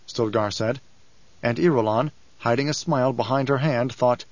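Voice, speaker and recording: A man reading an audiobook in a measured, steady storytelling manner. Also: mid-range voice, no room sound. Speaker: audiobook narrator. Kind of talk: scripted audiobook narration. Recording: dull dry studio recording.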